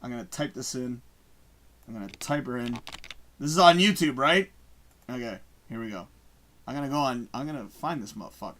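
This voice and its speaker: A man hosting a casual livestream, reading viewer comments aloud and chatting in a profane, rambling, animated way. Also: medium pitch, moderate pace. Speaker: livestream host.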